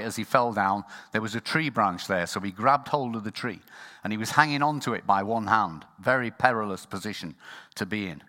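A lower-pitched man preaches as pastor in a church, his voice bright and forceful. He talks in an earnest way and sometimes drops to a hushed tone. A long hall reverb trails every phrase. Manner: earnest, softening to a hushed close. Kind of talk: sermon.

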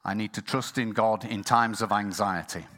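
A lower-pitched man preaches as pastor in a church, his voice bright and forceful. He talks in an earnest way and sometimes drops to a hushed tone. A long hall reverb trails every phrase. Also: fairly even intonation, normal speed, slight background noise. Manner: earnest, softening to a hushed close. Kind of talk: sermon.

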